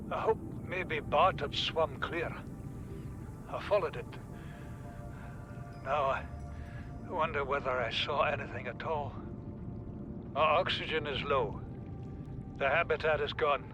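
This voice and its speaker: A man's voice: a little high, lightly acted, low-quality recording. A man playing a grim survivor. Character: grim stranded male survivor, weary and fatalistic. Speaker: stranded survivor in an audio log. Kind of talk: voiced game audio log. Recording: game audio log over loud music. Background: music.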